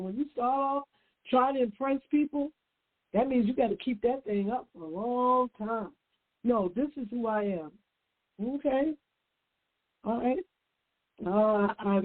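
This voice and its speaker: A woman advice-show host with a somewhat high, husky voice. She speaks emphatically and preaches to her listeners, driving home her points by repeating them. The sound is thin and tinny, like a phone line. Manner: emphatic and preachy, repeats key phrases, talks straight to listeners. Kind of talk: direct-address advice talk.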